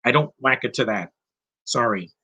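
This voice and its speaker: A man's voice: mid-range voice, lively intonation, normal speed, bright, forceful tone, slightly rough. A man giving casual live commentary over a movie, blunt and rambling, going off on tangents.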